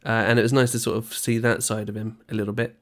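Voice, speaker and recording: A man's voice: fairly low pitch, level tone, quick pace. A man co-hosting a casual chat, teasing his partner and asking questions. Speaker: podcast co-host.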